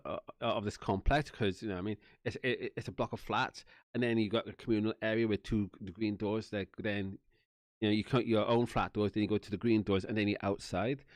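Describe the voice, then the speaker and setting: A man's voice: lowish voice, no echo. A Welsh man telling a long personal story in a casual, rambling way, swearing often, laughing and acting out the other people's lines. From Wales. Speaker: channel host telling a story.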